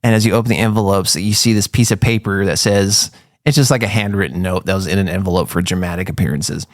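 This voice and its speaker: A man's voice: low voice, steady tone, fast. A man narrating as game master in a chatty way, full of fillers. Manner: chatty, lots of "like" and "um".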